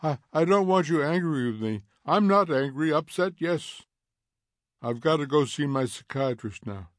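A dreamy teenage girl with a wondering, slightly odd way of talking, as a male reader puts her on. Her voice sits a little higher than his own and often trips over repeated words. The sound is close and dry, with no room around it. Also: lively intonation, moderate pace, dry recording, close to an everyday voice.

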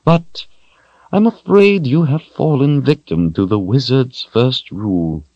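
A man's voice: medium pitch, takes it slowly, warm tone, dry recording, highs cut off, pitched above the performer's own voice. A man voicing a cold, smug, menacing male sorcerer who speaks in a silky, mocking way.

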